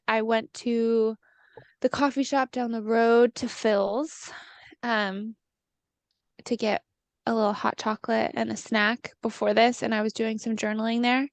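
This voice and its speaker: A young woman in her twenties chats and giggles her way through a casual podcast conversation, her voice sitting a bit high with a gravelly fry underneath. The sound is close and dry, with no room around it. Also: no room sound. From California. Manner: chatty and giggly, fond of filler words. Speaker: podcast co-host. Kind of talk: casual chat. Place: parents' house, video call.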